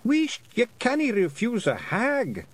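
A man voicing a chorus of small, excitable Scottish fairy men, alarmed and full of dialect. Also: very high-pitched, measured pace, voice pushed up, full character voice. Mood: awed. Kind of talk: audiobook character voice.

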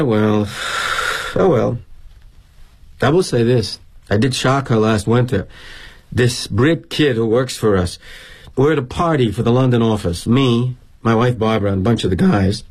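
A middle-aged actor playing a weary, guilt-ridden corporate executive in a dramatic monologue, wry and confiding. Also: male voice, medium pitch, darkish tone, slightly rough.

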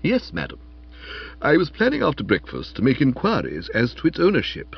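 A man voicing a calm, formal manservant who speaks quietly and respectfully, in a dull-sounding recording. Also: mid-range voice, fairly quick, vocal fry, husky, no echo, heavily acted. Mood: measured. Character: imperturbable, deferential manservant, man.

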